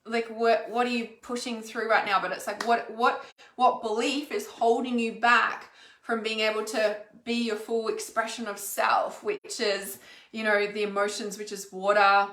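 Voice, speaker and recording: A woman's voice: fairly high pitch, level tone, moderate pace, a bit bright, echoey room. An Australian woman hosting a casual spiritual livestream, chatting in a rambling way with lots of fillers. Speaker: intuitive healer hosting a livestream.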